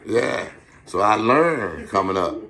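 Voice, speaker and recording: Man, middle-aged, from Washington D.C., podcast host, street-wise storytelling monologue, blunt, profane, preachy, lowish voice. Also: very animated, takes it slowly, sharp tone.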